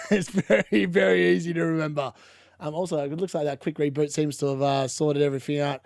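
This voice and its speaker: A man's voice: fairly high pitch, fairly even intonation, brisk, creaky, darkish tone, no echo, clean studio sound. A man with an Australian accent hosting a casual football watchalong stream, chatty, rambling and self-mocking. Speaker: livestream host. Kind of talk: casual match watchalong chat.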